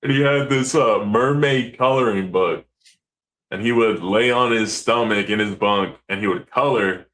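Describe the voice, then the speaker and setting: Low-voiced man telling fishing stories. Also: moderate pace. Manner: animated, acts out quotes, swears freely. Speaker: commercial fisherman guest. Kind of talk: casual storytelling.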